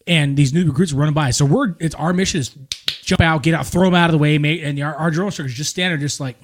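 A man rattles off boot camp stories at a quick clip, his voice sitting a little high for a man. He is a former Marine, swearing freely and animated as he chats on a podcast. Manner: profane, animated war-story telling. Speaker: former Marine recruit, squad leader. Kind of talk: casual podcast chat.

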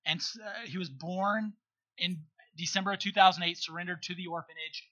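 Middle-aged man, high bright voice, emphatic storyteller who keeps checking in with his listener. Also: steady tone, fairly quick, lo-fi sound. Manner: earnest, emphatic, checks in with rhetorical questions. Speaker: guest. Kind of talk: conversational storytelling.

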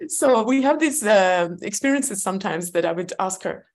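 A woman's voice: mid-range voice, lively intonation, normal speed. A woman guest on a podcast interview, speaking candidly about her own life and laughing often between her thoughts. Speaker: guest author.

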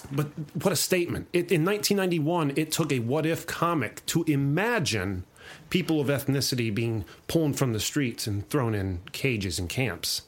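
Long-winded man retelling a comic. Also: mid-range voice. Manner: long-winded, animated storytelling. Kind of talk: casual chat.

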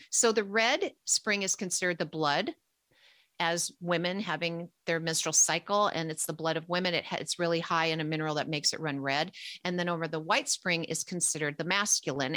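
A woman telling a personal travel story in a casual, animated way. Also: fairly low pitch, dry recording.

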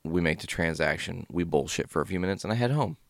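A stoned man rambles through a casual story, laid-back and swearing freely. His voice sits very low and has a gravelly fry. The sound is dry and close. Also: lively intonation, quick pace, dry recording. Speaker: podcast host.

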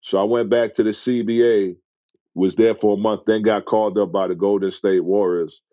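Middle-aged new guy telling wild stories, low and dark, dry dull sound. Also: moderate pace, no echo. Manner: excited storyteller who acts out quotes in a high voice. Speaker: guest, former basketball player. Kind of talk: animated storytelling in a podcast interview.

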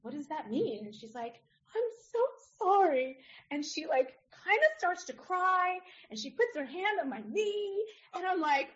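Animated woman telling a personal story. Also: high voice, normal speed, few pauses. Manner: animated, acts out others' voices in her story. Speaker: podcast guest. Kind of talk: casual storytelling. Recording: dull lo-fi audio.

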